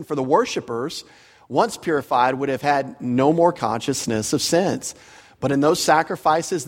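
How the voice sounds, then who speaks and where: A male pastor preaching a verse-by-verse sermon in a church, earnest and emphatic, animated when he explains a point. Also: medium pitch. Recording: long reverb of a hall.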